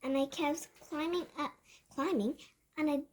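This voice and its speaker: A woman reads a children's novel aloud in the first person, her voice high and light. She tells it with a lively storytelling lilt, now and then stumbling and restarting a phrase. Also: measured pace, a little hiss or hum. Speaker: book reader.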